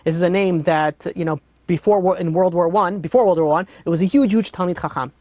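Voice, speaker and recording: A man, a rabbi, giving a storytelling sermon, talking fast with frequent restarts and "you know" fillers. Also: high voice, darkish tone, no room sound. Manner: rapid, restarts often, heavy use of "you know".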